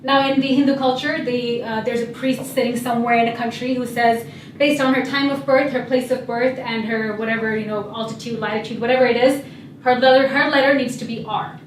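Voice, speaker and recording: A young woman in a storytelling talk speaks with a high, bright-pitched voice and a humorous, lively delivery. She sounds set back from the mic in an echoey hall, with faint room ambience behind her. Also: brisk, far from the mic, a little hiss or hum. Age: young adult. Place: event hall.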